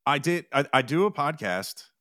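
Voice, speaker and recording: A man appears as a podcast guest, a TikTok music reactor, chatting casually in an interview with a rambling style full of restarts and retold quotes. His voice is on the high side and sing-song, fairly bright, at a moderate pace, with clean, echo-free studio sound.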